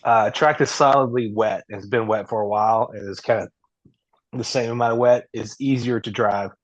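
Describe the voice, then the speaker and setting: A man's voice: fairly low pitch, fairly even intonation, normal speed. A man who races, chatting casually and laid-back on a podcast, laughing easily. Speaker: racing driver guest. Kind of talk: casual chat. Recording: dull lo-fi sound.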